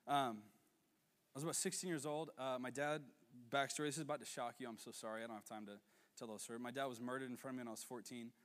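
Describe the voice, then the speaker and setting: A man in his twenties preaching a sermon as a youth pastor, telling stories with quick asides and laughs. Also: medium pitch, long reverb tail. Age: 20s.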